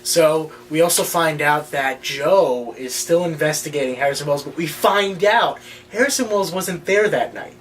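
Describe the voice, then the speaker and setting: A man's voice: on the high side, normal speed, a bit bright. A man co-hosting a casual chat about the week's TV episodes, rambling and correcting himself as he goes and laughing often. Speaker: podcast co-host. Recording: distant mic with faint noise.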